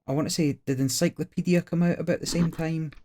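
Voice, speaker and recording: A man's voice: fairly high pitch, fairly even intonation, fast, mellow, a little hiss or hum. A man co-hosting a board game podcast, chatting casually and hesitantly with frequent ums and repeated words. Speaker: podcast co-host. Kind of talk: casual chat.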